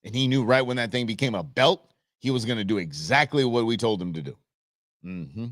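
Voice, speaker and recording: A man's voice: mid-range voice, a little fast, fairly bright tone, no room sound, studio quality. A man hosting a live stream, chatting casually and telling stories with goofy voices for animals. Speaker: livestream host. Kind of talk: casual chat.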